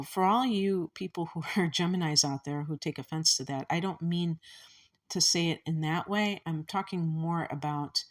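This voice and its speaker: A woman from the Chicago area with a Chicago accent, giving a casual astrology commentary in a meandering, musing way that often restarts thoughts. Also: deep voice. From Chicago area, USA.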